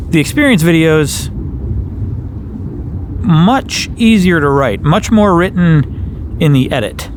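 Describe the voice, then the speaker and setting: A man from Wisconsin, his voice pitched in the middle for a man, chats to camera outdoors in a backyard. He rambles, restarts his sentences and often leaps up in pitch for playful emphasis. Faint traffic and outdoor ambience sit behind him. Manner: rambling, self-correcting, playful, with big jumps up in pitch. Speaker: YouTuber. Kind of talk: casual vlog chat.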